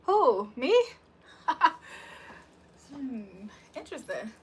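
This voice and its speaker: A woman's voice: fairly high pitch, sing-song, extremely slow, slightly rough. A young woman hosting a casual livestream, chatting loosely with her viewers, joking and laughing often. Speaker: livestream host reading chat.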